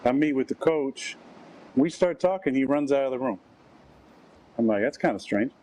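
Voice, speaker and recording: A man's voice: mid-range voice, normal speed, dark tone, slight background noise, poor audio. A man telling a story on a talk show, wryly acting out the dialogue he quotes. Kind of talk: anecdotal storytelling.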